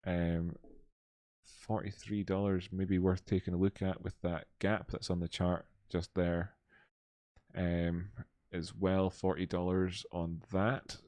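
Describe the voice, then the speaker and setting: A man's voice: low-pitched, flat delivery, slow pace, mellow, no echo. A man hosting a live stream, thinking aloud over charts and chat with many fillers. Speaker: live stream host and market analyst.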